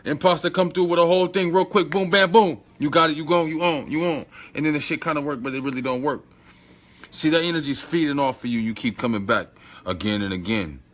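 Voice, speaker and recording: A man gives an informal spiritual lesson, slangy and emphatic, repeating phrases and coaching the listener directly. His voice is on the high side and a bit bright, and he talks fairly quickly.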